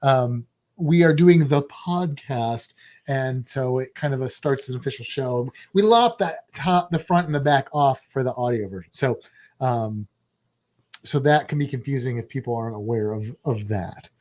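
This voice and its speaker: A man's voice: mid-range voice, normal speed, a little mellow. Chatty, joking male podcast co-host. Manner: chatty and jokey, self-described blabbermouth. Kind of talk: live-streamed casual chat.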